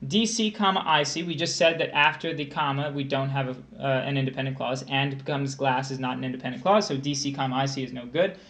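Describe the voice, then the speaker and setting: A man's voice: medium pitch, steady tone, quick pace, few pauses, fairly bright tone. A young man tutoring test prep on a livestream, walking through a grammar question and thinking aloud with restarts.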